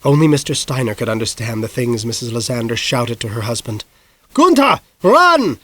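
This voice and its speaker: A man in his forties narrating an audiobook in a measured storytelling voice, close on a studio mic. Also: mid-range voice, no echo. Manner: measured storytelling, rising to shouts in action. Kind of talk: scripted narration.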